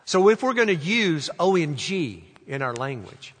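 A man preaching a sermon in a slow, deliberate way, stretching out quoted phrases and letting them fall soft. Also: on the high side, very animated. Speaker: pastor. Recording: long hall reverb.

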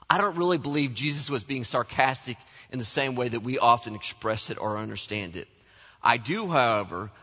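A man delivers a sermon from the pulpit with a bright, forceful voice, lively and animated as he acts out the voices he quotes. His words ring out with a long reverb, as if spoken in a large church sanctuary. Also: medium pitch. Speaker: pastor.

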